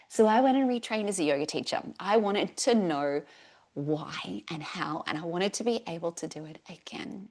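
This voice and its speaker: A woman, a fertility yoga teacher telling her own story in a live class, earnest and at times emotional and soft. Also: medium pitch, expressive, normal speed.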